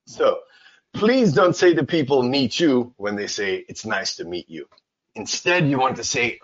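A man's voice: medium pitch, sing-song, normal speed, breathy edge. A man teaching an English lesson in a casual, playful way, acting out little dialogues with exaggerated voices. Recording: slightly dull, lo-fi sound.

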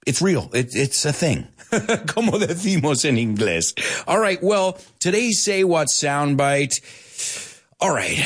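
A man teaching English on a live show, talking in a loose, chatty way and slipping into Spanish now and then. His pitch swings widely and lively from phrase to phrase. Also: vocal fry. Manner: lively, chatty, drops Spanish words in, laughs often. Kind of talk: live online English lesson.

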